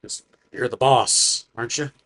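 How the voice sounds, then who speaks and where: A man's voice: fairly even intonation, fairly bright tone, natural voice. A man doing Yark, a frail old adventurer. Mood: uncertain. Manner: slow low hesitant speech.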